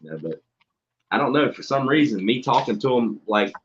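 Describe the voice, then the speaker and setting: A man's voice: medium pitch, lively intonation, fairly quick, slight background noise. A man, a substitute teacher telling a story in blunt, profane casual chat. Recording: dull lo-fi stream audio.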